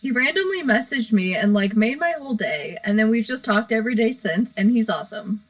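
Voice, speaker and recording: A woman's voice: on the high side, animated, fairly quick, poor audio. A woman hosting a casual live stream from her bedroom, rambling, giggly and self-deprecating. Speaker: livestream host.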